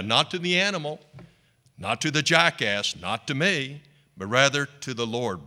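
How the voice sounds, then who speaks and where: A male pastor preaching a sermon in an animated way, leading the congregation in call-and-response. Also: medium pitch, normal speed.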